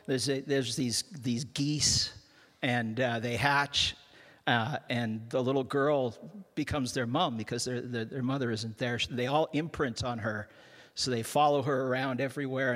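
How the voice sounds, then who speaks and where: A man's voice: medium pitch, a bit bright. An older man from Canada, a guest pastor giving a humorous sermon, joking at his own expense and often restarting his sentences. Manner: self-deprecating, joking, with frequent restarts. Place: large church hall. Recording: long hall reverb.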